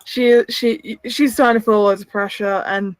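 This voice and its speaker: A woman running a tabletop game as game master, narrating with excitable, quick reactions. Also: mid-range voice, no echo, faint music behind, low-quality recording.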